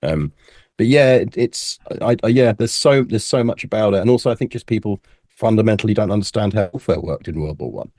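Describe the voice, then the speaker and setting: A man's voice: lowish voice, expressive, a little mellow, no echo, studio quality. A man, a guest talking about military history in a casual conversation, often restarting before explaining at length. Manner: halting, many restarts, then fluent explanations.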